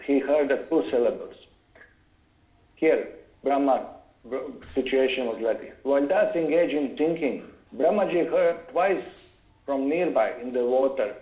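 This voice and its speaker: A man giving a scripture lecture, carefully explaining verses word by word and pausing to look up references. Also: medium pitch, mellow, reverberant, rough recording.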